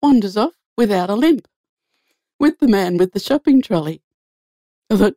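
A woman's voice: on the high side, animated, moderate pace, long pauses, dark tone, no echo, studio quality. A woman guest telling an earnest spiritual story in an easy conversational way. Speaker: guest sharing a faith story.

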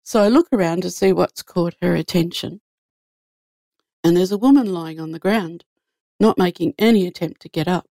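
A woman's voice: fairly low pitch, moderate pace, mellow, no room sound, clean studio sound. A woman guest telling an earnest spiritual story in an easy conversational way. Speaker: guest sharing a faith story.

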